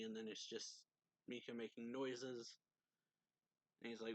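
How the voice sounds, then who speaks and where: A man casually recapping a manga chapter as a reviewer, rambling with many fillers and quick laughs. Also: medium pitch, flat delivery, fairly bright tone, no echo. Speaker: anime reviewer.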